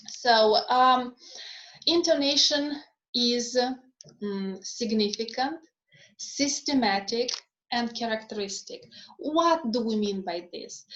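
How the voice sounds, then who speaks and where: A woman who is not a native English speaker, giving a lecture slowly and deliberately, with frequent ums and questions to her listeners. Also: on the high side. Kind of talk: recorded phonetics lecture. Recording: echoey room, dull lo-fi sound.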